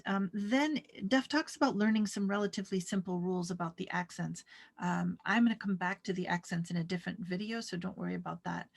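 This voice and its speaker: A woman with a medium-pitched, creaky voice teaches a Greek grammar lesson slowly, step by step, with many fillers. She patiently works through each example and answers her own questions.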